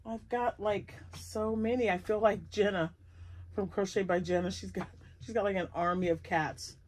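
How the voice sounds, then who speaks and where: With a medium-pitched voice, a steady tone, and a moderate pace, this older crochet vlogger chats casually at home. She wanders from topic to topic about her projects and laughs frequently.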